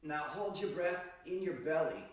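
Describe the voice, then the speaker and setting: A man teaching qigong, calmly guiding breathing exercises and demonstrating the sounds himself. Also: fairly high pitch, normal speed. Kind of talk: instructional demonstration. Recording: very echoey room, distant mic.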